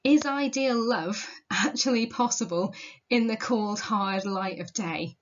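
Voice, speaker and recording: A woman's voice: mid-range voice, a little slow, dull audio. A woman teacher explaining a poem in a recorded lesson, posing questions to her students as she goes. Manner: explanatory, asks rhetorical questions, casual fillers. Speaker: literature teacher.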